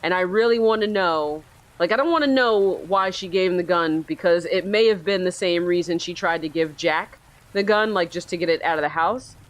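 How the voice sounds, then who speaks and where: A woman's voice: fairly low pitch, normal speed. A woman giving casual, rambling let's-play commentary while playing a story game. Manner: rambling, chatty, self-aware. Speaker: gaming video host.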